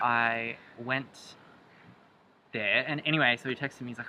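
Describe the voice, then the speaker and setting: A young man, chatting through a date story in a lively, jumpy way. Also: medium pitch, normal speed, a little hiss or hum, poor audio. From Australia. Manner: animated, jumps into quoted voices, laughs a lot. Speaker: vlogger. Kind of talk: storytime chat.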